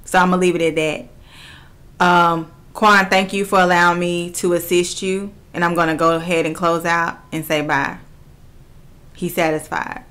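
Female spiritual medium, earnest and insistent; low-set, sharp-edged delivery. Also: flat delivery, moderate pace. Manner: earnest, repeats phrases, relays messages. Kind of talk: channeling reading to camera.

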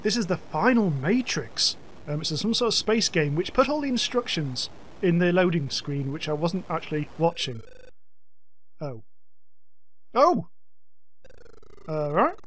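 A man hosting a let's-play, giving excitable gameplay commentary and yelping and swearing at the game. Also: a little high.

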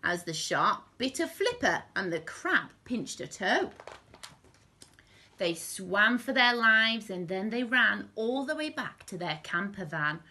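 A woman reading a rhyming picture book aloud to children in an expressive, sing-song rhythm. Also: medium pitch, measured pace, hardly any pauses, slightly rough. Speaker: storyteller.

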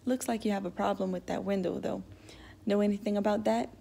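A woman voicing a kindly, soft-spoken male sheriff who questions a boy gently and awkwardly. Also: mid-range voice, steady tone, a little fast, gravelly, slight background noise, lightly acted.

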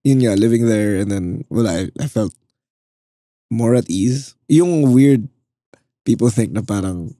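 A man with a Filipino accent, a musician and DJ, chatting casually as a podcast guest in a relaxed, laid-back way. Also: on the low side, unhurried, pauses often, no echo, clean studio sound. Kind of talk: casual podcast chat mixing Tagalog and English.

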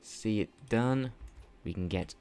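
A young man casually commentating his strategy game as he plays, chatty and self-mocking, thinking out loud, at a desk mic at home. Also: lowish voice, takes it slowly, clean tone. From not Irish. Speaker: gaming channel host. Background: faint game music and keyboard typing.

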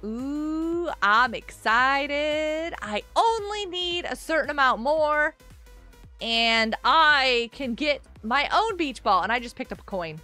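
Woman, 30s, streamer, bubbly, giggly, very animated, soft music behind. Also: sits high, slow pace. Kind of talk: live gaming stream chat.

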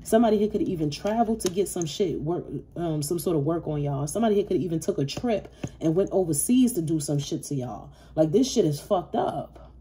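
A tarot-reading woman speaks in with a low, mellow, dark-toned voice. She is blunt and swears freely, circling back on the same phrases to drive each point home. A faint hiss of background noise sits under the recording. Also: expressive, fairly quick. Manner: blunt, profane, repetitive and emphatic. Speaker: tarot reader. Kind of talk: casual collective tarot reading.

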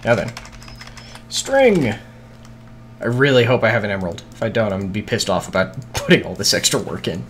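A man's voice: fairly low pitch, racing, few pauses, fairly bright tone, a little hiss or hum. A man streaming a video game, muttering to himself in casual, scattered chatter with frequent swearing and hiccups.

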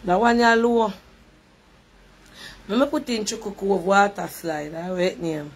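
A woman with a Jamaican accent telling a lively story in patois on her live stream. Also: medium pitch, moderate pace, husky. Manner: animated, repetitive patois storytelling.

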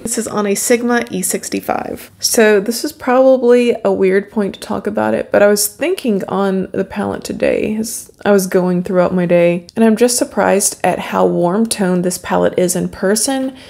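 A woman's voice: mid-range voice, moderate pace, vocal fry, hardly any pauses, darkish tone. A chatty, upbeat woman walks viewers through a makeup look step by step. She sounds friendly and casual, like a beauty vlogger talking straight to her regulars. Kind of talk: makeup tutorial narration.

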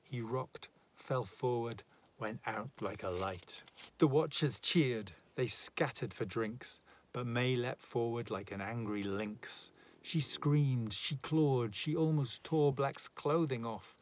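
Slow, measured man reading a poem. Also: medium pitch. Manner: measured, dramatic. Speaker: reader.

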